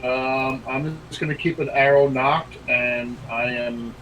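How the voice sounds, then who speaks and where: A man's voice: medium pitch, steady tone, unhurried, fairly bright tone, a little hiss or hum, rough recording. A man playing a tabletop game, speaking hesitantly and casually. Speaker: player.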